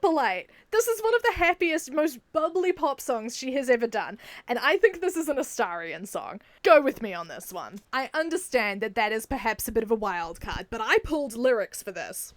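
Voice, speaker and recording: A young woman with a New Zealand accent talks in a casual video, gushing and laughing often as she goes. Her voice sits fairly high, and the recording is dry and close. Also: very animated, normal speed, few pauses, no room sound. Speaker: video creator. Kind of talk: casual enthusiastic video commentary.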